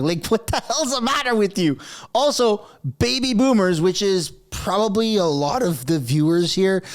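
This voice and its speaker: A man's voice: high voice, animated, a little slow. A man giving a sarcastic, exasperated political rant as a commentary host. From Canada.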